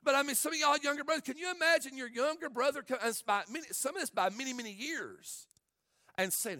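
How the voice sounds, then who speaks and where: A man preaches with animated energy, his voice pitched high and sounding bright and forceful. The sound is dry and close, with no echo. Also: fairly quick. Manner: animated, acts out quotes in varied voices. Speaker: pastor. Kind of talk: sermon.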